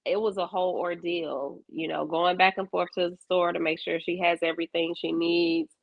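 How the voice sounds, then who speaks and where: A woman, co-hosting a casual podcast chat and telling stories with animated, acted-out quotes. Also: moderate pace, gravelly, no echo. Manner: animated storyteller, voices quotes with big pitch jumps. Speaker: podcast co-host. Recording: dull lo-fi sound.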